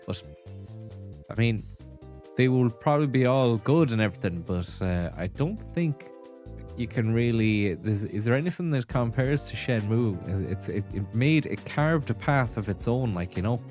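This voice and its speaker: A man's voice: mid-range voice, lively intonation, normal speed, darkish tone, faint music behind. A man streaming a game on a headset mic, chatting casually, rambling and thanking viewers. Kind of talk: casual gaming commentary.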